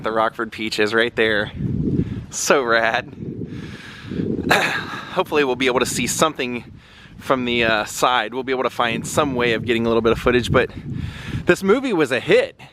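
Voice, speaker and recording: A travel vlogger visiting film locations chats casually as he walks outdoors around a baseball stadium, rambling with frequent ums. His voice is mid-range, and there's background noise.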